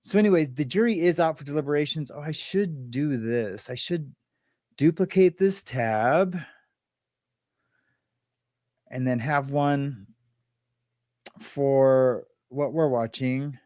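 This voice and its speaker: A man's voice: medium pitch, measured pace, darkish tone, dry recording, clean studio sound. A man hosting a live-stream podcast, chatting loosely with viewers, rambling and joking as he greets them by name. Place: at home.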